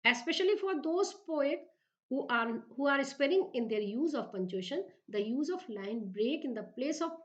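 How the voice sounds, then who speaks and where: A woman with an Indian English accent giving a slow, repetitive English literature lecture as a professor, often asking if the class is clear. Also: fairly high pitch. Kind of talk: recorded lecture. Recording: dull lo-fi recording.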